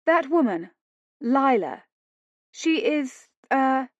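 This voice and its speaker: A woman reading an audiobook, voicing a prim, sharp-tongued young lady with frosty indignation. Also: high voice, animated, slow, dry recording, voice pushed up. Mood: indignant. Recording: dull dry lo-fi studio read.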